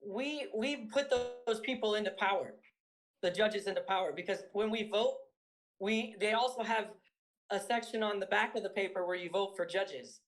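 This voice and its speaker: A woman's voice: medium pitch, normal speed, poor audio. A woman debating as a guest, hesitating and restarting her sentences as she answers.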